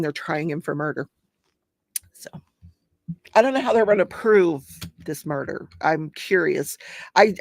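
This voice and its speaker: A woman's voice: low-pitched, vocal fry, no echo, studio quality. A middle-aged woman hosting a live stream, recapping a true-crime case in a rambling way and chatting with viewers. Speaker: host of a live crafting and true-crime channel. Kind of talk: casual live-stream chat.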